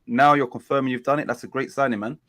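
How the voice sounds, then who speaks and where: Fast-talking, with fairly even intonation and a slightly bright mid-range voice, this English host runs a casual football watch-along stream. He rambles, corrects himself often, and keeps chatting with his viewers.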